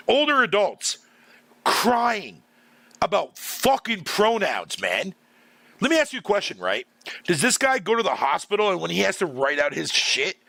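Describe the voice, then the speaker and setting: A man's voice: fairly high pitch, creaky, bright, forceful tone, no room sound. Profane, exasperated man ranting into a dry mic. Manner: profane, exasperated, laughs often, filler-heavy. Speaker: gaming streamer. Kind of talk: ranting casual commentary.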